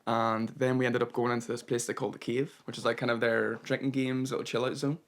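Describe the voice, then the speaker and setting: A man's voice: medium pitch, level tone, fast talker, a little hiss or hum. A young man narrating his travel vlog in a chatty, rambling way, full of "kinda" and "you know". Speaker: travel vlogger.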